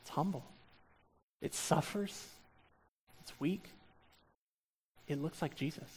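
Speaking slowly in a somewhat high voice, a male pastor alternates between soft, reflective moments and loud, emphatic stretches in his sermon. A little background noise can be heard.

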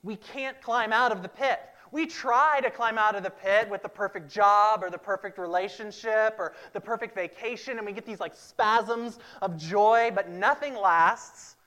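A man's voice: high-pitched, moderate pace, few pauses. Male pastor, emphatic sermon delivery, repeats his points. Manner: emphatic, repeats key phrases, swings from loud to hushed.

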